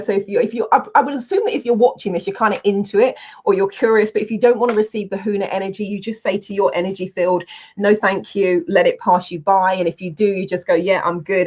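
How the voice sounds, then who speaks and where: Husky woman telling stories. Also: mid-range voice. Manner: lively storytelling, acts out quoted speech. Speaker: healing coach. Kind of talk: casual webinar talk. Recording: dull lo-fi sound.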